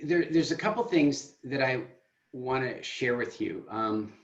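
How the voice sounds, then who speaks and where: A man hosting a group video call, coaching in an emphatic, teasing way that swings from loud to soft. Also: medium pitch, expressive, measured pace. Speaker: program founder and call host. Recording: echoey room, dull lo-fi sound.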